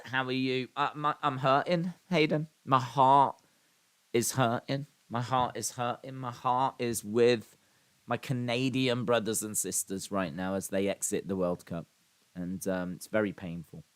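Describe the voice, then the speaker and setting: Live-stream host, man, average pitch, conversational and rambling as he reads out comments. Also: a bit bright. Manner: reads viewer comments aloud and responds conversationally; chatty with frequent fillers and repeated phrases. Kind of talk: live watch-along chat reading.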